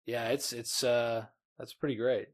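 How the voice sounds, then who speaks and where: A man's voice: medium pitch, flat delivery, unhurried. A man co-hosting a podcast, talking enthusiastically about a fantasy novel in a rambling way, with many restarts. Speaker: podcast co-host. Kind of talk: casual book discussion.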